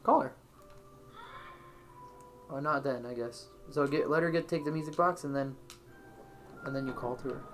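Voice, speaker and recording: A woman's voice: a bass voice, moderate pace, pauses often, faint music behind. A woman playing a video game with her sister, chatting casually, swearing and teasing. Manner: swearing, teasing, bursts of laughter. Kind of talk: casual gaming banter. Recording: noisy home capture.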